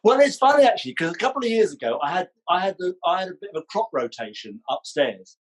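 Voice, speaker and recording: A man, chatting as a podcast guest and telling stories in a playful, animated way. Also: high voice, fast, slightly rough, rough recording. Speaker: podcast guest, ballroom dancer. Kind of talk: casual chat.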